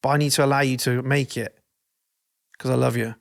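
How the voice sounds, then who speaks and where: Gravelly man musing. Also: medium pitch, steady tone, brisk. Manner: reflective, swears casually, quotes people. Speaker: podcast host. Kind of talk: casual chat.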